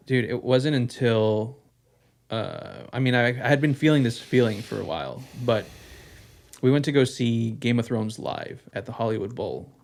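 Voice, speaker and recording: A man's voice: medium pitch, gravelly, darkish tone. A young man co-hosting a podcast, talking candidly and rambling, swearing freely and filling gaps with "um" and "like". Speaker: podcast co-host. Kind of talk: casual podcast chat.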